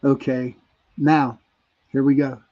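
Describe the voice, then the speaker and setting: A man's voice: medium pitch, flat delivery, slow. A man with a Pittsburgh accent hosting a casual radio chat show, reading out listener answers in an easygoing way. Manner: reads out listener messages, chuckling, easygoing. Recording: dull lo-fi sound.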